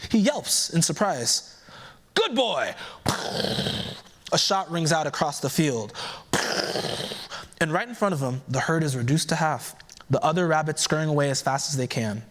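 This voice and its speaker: A man giving a keynote by telling a folktale aloud in a relaxed storytelling manner, adding conversational asides as he goes. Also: fairly high pitch, moderate pace. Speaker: keynote speaker. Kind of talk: oral storytelling.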